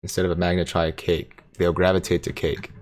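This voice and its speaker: Male streamer, low voice, casual and playful, reads chat comments aloud. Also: completely flat delivery, fairly quick, a little mellow. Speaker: livestream host reading chat.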